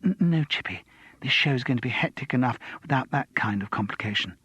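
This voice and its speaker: A man's voice: medium pitch, expressive, brisk, a bit bright, slightly rough, muffled recording. A man voicing a flustered young woman who works in television, speaking in urgent, breathless hisses. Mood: hushed. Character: flustered young woman TV researcher herding guests.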